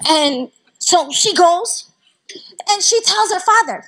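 A woman with a Southern US accent, telling a religious story in a lively way and acting out the voices of its characters. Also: extremely high pitch, slow pace, poor audio. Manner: animated, acts out voices in the story. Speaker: religious speaker. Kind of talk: Islamic storytelling talk.

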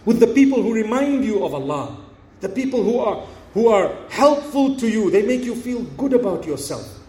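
A man preaching a sermon, telling a story and acting out the dialogue in an animated way. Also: sits high, normal speed, echoey room.

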